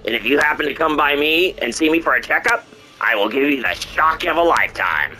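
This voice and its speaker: A man's voice: a little high, expressive, a little fast, pushed and bright, slight background noise, low-quality recording. A man voicing a flamboyant, teasing mad doctor. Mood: showy. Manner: showy, teasing.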